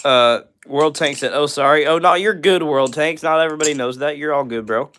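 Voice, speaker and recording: A man's voice: on the high side, fairly quick, a bit bright, a little hiss or hum. Upbeat young man chatting on a live stream. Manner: friendly, upbeat, says "bro" and "all right" a lot. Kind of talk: casual live stream chat reading comments.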